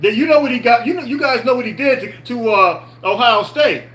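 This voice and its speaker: High-pitched, bright-voiced man hosting a podcast. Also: a little fast, rough recording. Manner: repeats himself, rhetorical questions, answers chat comments. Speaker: podcast host. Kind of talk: casual live-stream sports talk.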